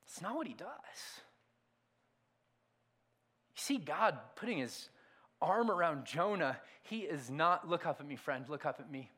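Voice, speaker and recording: A pastor delivers a sermon in a medium-pitched male voice, moving between hushed, intimate passages and loud, emphatic ones while putting rhetorical questions to the congregation.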